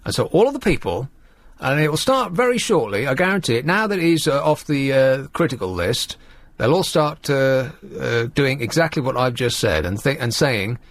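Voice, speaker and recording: Opinionated man, lively pitch. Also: normal speed, no echo. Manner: opinionated, rambling, sardonic. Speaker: radio talk show host. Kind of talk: casual radio chat. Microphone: studio microphone.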